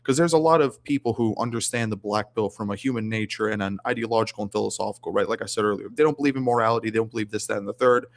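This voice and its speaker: A man's voice: fairly low pitch, racing, hardly any pauses. A man chatting casually as a guest on a livestream, rambling with many restarts. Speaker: guest streamer.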